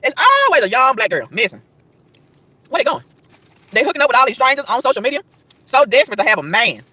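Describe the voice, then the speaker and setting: A woman's voice: a little high, big pitch swings, quick pace, sharp tone, breathy edge, no room sound. A woman outdoors in a park, delivering an emphatic, preachy rant to camera, firing rhetorical questions and tripping over repeated words. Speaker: vlogger.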